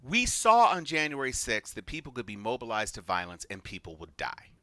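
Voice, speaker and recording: A man's voice: medium pitch, fairly quick, no room sound. A man co-hosting a political chat show, telling stories and acting out the people he quotes. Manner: animated storyteller, acts out quotes. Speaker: podcast co-host.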